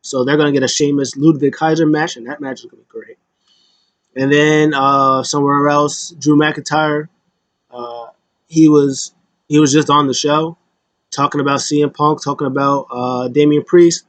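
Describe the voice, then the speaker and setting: A man rambling through a casual recap of wrestling events, with frequent fillers and quick impressions of the wrestlers. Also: fairly high pitch, flat delivery, dry recording.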